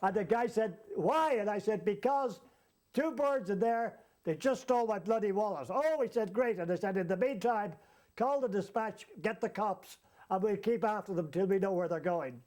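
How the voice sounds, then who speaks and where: High-voiced man telling a comic yarn. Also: normal speed. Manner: lively, chuckles as he tells it. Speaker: storyteller. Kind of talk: comic anecdote told to an audience.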